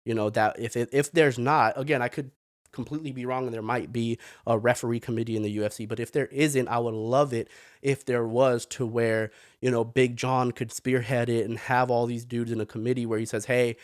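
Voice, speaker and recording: A podcast host with a mid-range, fairly evenly pitched voice talks fairly quickly about the latest fights, offering loose, opinionated sports commentary. He rambles a bit and keeps dropping in "man." The sound is close and dry, with no room sound at all.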